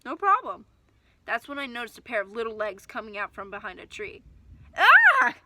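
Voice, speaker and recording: A woman reading a first-person children's story aloud, with expressive, lively storytelling. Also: medium pitch, fast, very noisy.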